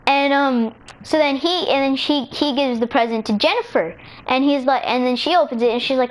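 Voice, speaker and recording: High-voiced rambling girl storyteller. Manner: rambling, many restarts and "so then"; acts out characters' lines in quick little voices. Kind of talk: casual storytelling while gaming.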